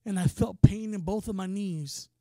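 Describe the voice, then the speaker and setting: A man preaching a sermon in a casual, passionate way, often saying "man" and swinging from quiet talk to shouting. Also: high-pitched, normal speed, no echo, studio quality.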